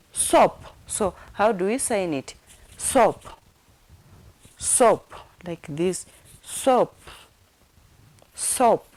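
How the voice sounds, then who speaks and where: A woman's voice: medium pitch, low-quality recording. A woman teaching a sign language lesson, repeating each word and spelling it out letter by letter. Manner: slow, repetitive, spelling out words letter by letter; warm, affectionate sign-off to viewers.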